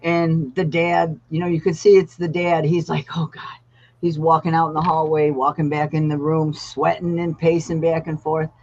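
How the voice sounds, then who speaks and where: A woman guest, a therapy dog trainer, telling animated stories on a podcast. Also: sits low, moderate pace, few pauses, highs cut off. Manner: animated storyteller acting out voices. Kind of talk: podcast storytelling.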